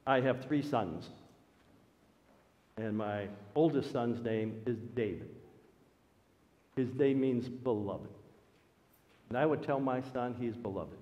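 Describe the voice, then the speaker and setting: A man, a pastor, preaching a sermon with animated storytelling, his voice rising for emphasis. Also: medium pitch, slow, pauses often. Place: church. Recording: dull sound with long hall reverb.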